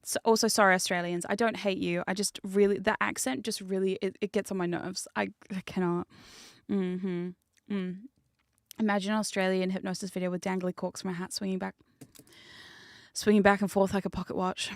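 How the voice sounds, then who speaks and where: A woman chats on a live stream in a loose, teasing, rambling way and now and then slips into a soft whisper. Her voice sits at an ordinary pitch. The sound is close and dry, from a studio condenser mic with no room around it. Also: flat delivery, brisk, dry recording. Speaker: hypnosis content creator and streamer. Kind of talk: casual live-stream chat with whispered asides.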